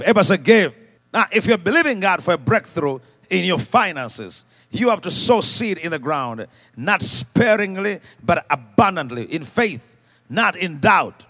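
A man preaching a sermon to a live congregation, leading call-and-response and swinging from quiet asides to shouted exhortations. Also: sits high, big pitch swings, normal speed. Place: church service before a congregation.

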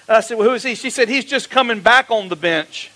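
A man's voice: very high-pitched, fast talker, sharp tone, low-quality recording. A male pastor preaching, telling his story with acted-out dialogue in a folksy, emphatic way. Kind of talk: sermon testimony storytelling.

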